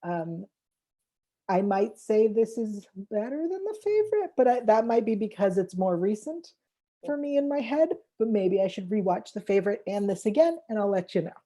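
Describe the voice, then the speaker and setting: Mellow-voiced opinionated woman. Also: mid-range voice, sing-song, moderate pace. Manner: opinionated, apologetic asides. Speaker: panelist. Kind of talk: casual video-call discussion.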